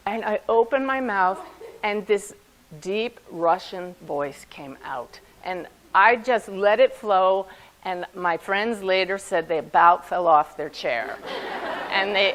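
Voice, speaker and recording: A woman's voice: medium pitch, a little slow, a little hiss or hum, low-quality recording. A woman, a spiritual medium, telling a personal story to an audience and acting out the voices in it. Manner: lively storyteller who acts out quoted voices. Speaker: spiritual medium giving a talk.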